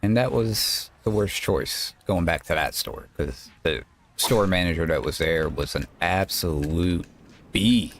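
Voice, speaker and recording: A man's voice: deep voice, a little slow. A male streamer telling a rambling, casual story while playing a game, quoting people and swearing now and then.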